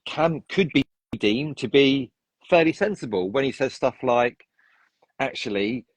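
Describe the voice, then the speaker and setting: A man's voice: medium pitch, expressive, unhurried, dry recording, low-quality recording. A man chatting as a podcast guest, opinionated and rambling with frequent restarts. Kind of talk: casual chat.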